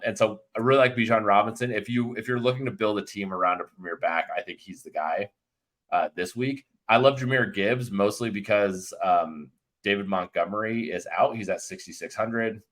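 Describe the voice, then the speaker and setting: A man's voice: fairly low pitch, moderate pace, fairly bright tone. A man hosting a casual fantasy sports chat, rambling and joking with lots of fillers.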